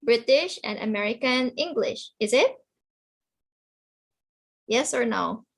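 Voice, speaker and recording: Woman teacher on a video call, patient, repeats herself, slow delivery, slightly high voice. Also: lively intonation, vocal fry, rough recording. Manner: patient, repeats and checks understanding. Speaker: online English teacher. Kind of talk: slow explanatory teaching to children.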